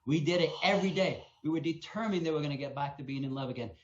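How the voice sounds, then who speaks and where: Animated man telling a story, echoey. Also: fairly high pitch, racing. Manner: animated storyteller, acts out sounds. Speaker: wolf sanctuary co-founder. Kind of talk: storytelling in a live Q&A. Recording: echoey, muffled sound.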